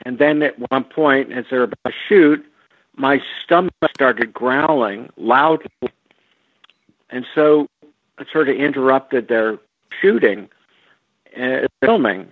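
Slow-talking man on a tinny phone line. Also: mid-range voice, dry recording. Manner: slow, halting, with frequent fillers and restarts. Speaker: guest. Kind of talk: relaxed storytelling over a phone line.

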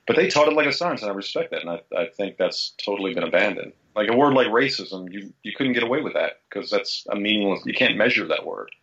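A man's voice: fairly low pitch, lively intonation, fast, hardly any pauses, fairly bright tone, husky, lo-fi sound. A man from the Philadelphia area, a guest writer telling blunt, profane stories in a casual podcast interview.

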